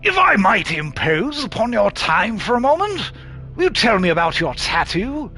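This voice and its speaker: A man's voice: high voice, sing-song, normal speed, bright, forceful tone, soft background music, pitched above the performer's own voice, full character voice. A man voicing a tall, gaunt, sonorous man in a posh, old-fashioned London accent, speaking formally and reverently.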